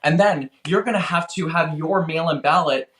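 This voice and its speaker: A man's voice: a little high, moderate pace, fairly bright tone, reverberant. A man answering as a guest on a political show, talking in an earnest, urgent and pleading way. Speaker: guest, voter registration organizer. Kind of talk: interview answers.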